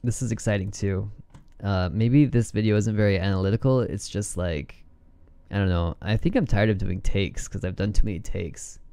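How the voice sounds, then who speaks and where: Giddy, excitable man talking charts. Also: lowish voice, normal speed, smooth, no room sound. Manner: excitable, laughs and whoops, giddy. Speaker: trading vlogger. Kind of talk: casual chart commentary.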